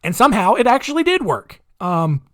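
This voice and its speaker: A man's voice: sits high, big pitch swings, fairly quick, dry recording, studio quality. Chatty, sarcastic male podcast host. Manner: chatty, rambling, sarcastic asides. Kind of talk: casual comedic monologue.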